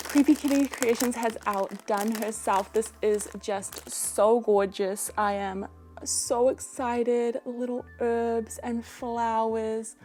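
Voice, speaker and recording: A young woman with a New Zealand accent, a doll artist unboxing a doll in an excited vlog, full of breathless delighted gasps. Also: fairly high pitch, background noise. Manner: gushing, breathless exclamations of delight.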